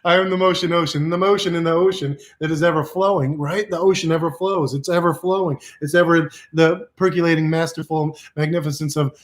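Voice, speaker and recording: A man's voice: a little high, steady tone, brisk, few pauses. A man giving playful, repetitive self-help affirmations to camera, exuberant and goofy, laughing often.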